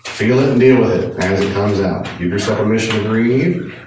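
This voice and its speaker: A man's voice: lowish voice, moderate pace. A man leading a Bible study in a conversational, earnest way, repeating points for emphasis. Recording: echoey room, distant mic, faint noise.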